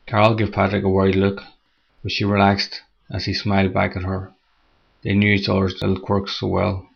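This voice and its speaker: A man narrating a scripted horror story in a steady, measured reading, on a dull lo-fi recording. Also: low-pitched, creaky, breathy edge.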